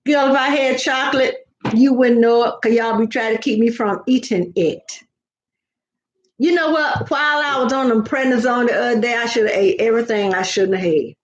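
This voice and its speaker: Chatty older woman, high voice. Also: normal speed. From American South. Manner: chatty, playful, rambling with repeated words. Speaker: vlogger. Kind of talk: casual live-stream chat. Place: home. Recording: echoey, dull lo-fi home recording.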